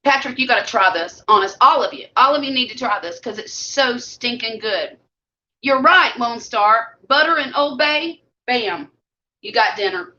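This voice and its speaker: A woman's voice: fairly high pitch, expressive, moderate pace, bright, forceful tone. A middle-aged woman with a Southern US accent, chatting casually with viewers on a live stream while she eats. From Mississippi Gulf Coast. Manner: chatty, homey, talks while eating. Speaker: vlog host. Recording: dull lo-fi live stream audio.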